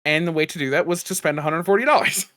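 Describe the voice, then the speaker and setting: Easygoing young man, slightly high voice. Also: quick pace, fairly bright tone, no echo, clean studio sound. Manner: easygoing, laughs often, brief replies. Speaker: podcast co-host. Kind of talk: casual banter.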